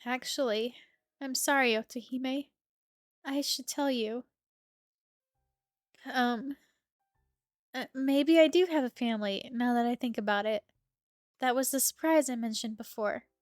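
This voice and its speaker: A woman voicing a gentle, evasive young man who is a love interest in a story game, with soft, hesitant speech. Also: sits high, measured pace, long pauses, no room sound, studio quality, soft background music.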